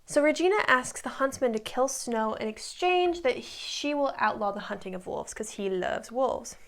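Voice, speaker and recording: A woman's voice: fairly high pitch, lively intonation, normal speed. A woman in her twenties recapping a TV show in a casual, rambling way, full of likes and ums. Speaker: recap vlogger.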